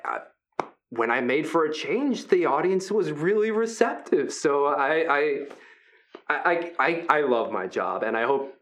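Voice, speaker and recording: A man voicing a huge, gentle, triceratops-like male arena performer who gives friendly, rambling pep talks. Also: fairly high pitch, expressive, measured pace. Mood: chatty.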